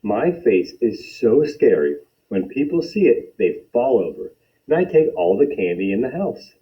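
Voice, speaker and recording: A man's voice: mid-range voice, big pitch swings, measured pace. A man voicing a bold, mischievous young boy out trick-or-treating, in a raised childish voice. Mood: cheeky. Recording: dull lo-fi recording.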